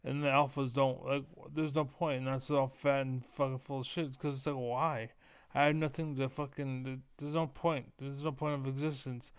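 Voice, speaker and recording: A man streaming a casual, profane rant that rambles, with filler words repeated over and over and the throat often cleared. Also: medium pitch, level tone, normal speed, no room sound.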